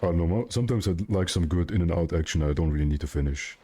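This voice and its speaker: A man's voice: low-pitched, fast talker, dark tone, slightly rough. A man from Germany, chatting casually on a game livestream in a rambling, jokey way and often correcting himself. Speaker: game streamer.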